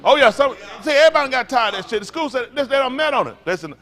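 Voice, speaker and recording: A man's voice: extremely high pitch, rapid-fire, a bit bright. A man preaching as a pastor in a blunt, profane, rambling informal sermon.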